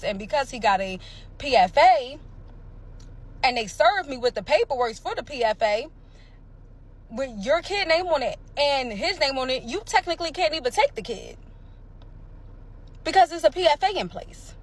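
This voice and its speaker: A woman from Pennsylvania tells her own story straight to camera in a casual vlog. Her voice sits a little high, and she is emphatic and animated, repeating lines for effect and acting out knocks and shouts. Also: moderate pace, pauses often. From Pennsylvania, USA.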